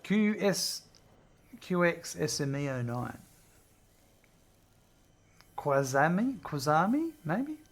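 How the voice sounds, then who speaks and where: A man's voice: fairly high pitch, expressive, slow. A man talks in a loose, rambling way as he plays a game tutorial on stream. He drifts between small talk and the game, and stops now and then to read out viewer messages. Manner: rambling, reads out viewer chat. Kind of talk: casual chat while playing.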